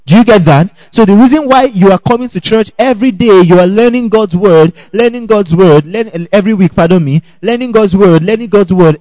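High-voiced, animated male preacher. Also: no echo, poor audio. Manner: animated, keeps asking the congregation "okay?"; chuckles between points. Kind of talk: sermon.

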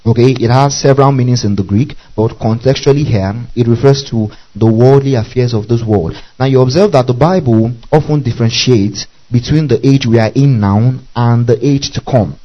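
A man's voice: mid-range voice, moderate pace, hardly any pauses, highs cut off. A man teaching a Bible study, spelling out Greek words letter by letter and checking in often with his listeners.

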